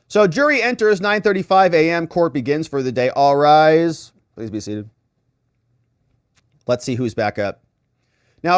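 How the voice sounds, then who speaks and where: A man's voice: mid-range voice, dry recording, studio quality. A man hosting legal commentary, recapping courtroom events with sarcastic asides and acting out the lawyers and the judge. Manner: animated, acts out quoted lawyers and judge in shifting voices.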